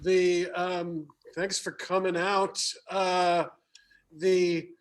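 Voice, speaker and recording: A man in his fifties doing stand-up from a classroom, halting, with many fillers and dry asides. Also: high-pitched, flat delivery. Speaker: comedian and high school teacher. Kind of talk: stand-up comedy set.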